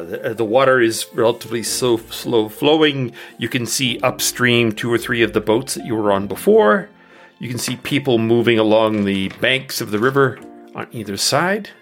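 A woman narrating a tabletop game as game master, describing scenes slowly and laughing often. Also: extremely low pitch, expressive, faint music behind.

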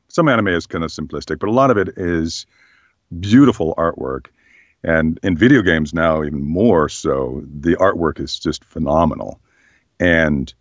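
Very deep-voiced man, slightly hoarse. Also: no echo, dull audio. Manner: relaxed, thoughtful, many fillers. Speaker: voice actor guest. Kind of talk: casual interview chat.

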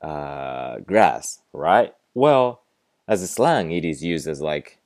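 A young man with a Japanese accent hosting a casual podcast, explaining slang with relaxed fillers and self-corrections. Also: rumbling low, slow pace, dry recording, studio quality. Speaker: podcast host teaching slang.

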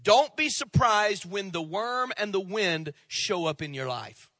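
High-voiced preaching pastor, bright and dry. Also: male voice, expressive, unhurried, no room sound. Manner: preaching with sudden loud rising outbursts and hushed drops. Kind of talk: sermon.

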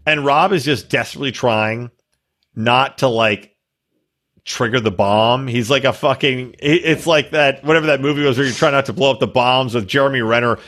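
Profane joking man, husky and bright. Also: medium pitch, normal speed. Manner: profane, joking, acts out people in mocking voices. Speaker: podcast co-host. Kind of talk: crude casual chat.

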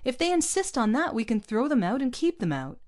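A woman reading aloud, voicing an angry male colonist farmer who shouts his defiance in a raised, heated voice. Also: mid-range voice, normal speed, pitched above the performer's own voice, lightly acted. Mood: defiant.

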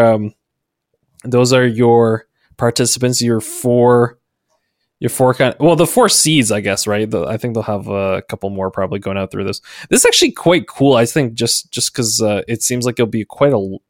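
A man's voice: lowish voice, dry recording, clean studio sound. A man hosting a casual chat show, laughing often and hesitating with fillers. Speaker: podcast host.

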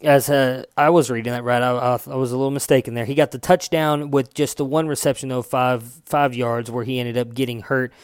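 A man's voice: medium pitch, flat delivery, fairly quick, few pauses, clear, resonant tone, dry recording, studio quality. A young man hosting a casual fantasy football show, loose and chatty, swearing now and then and correcting himself as he reads stats. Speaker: fantasy football podcast host. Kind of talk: casual sports chat.

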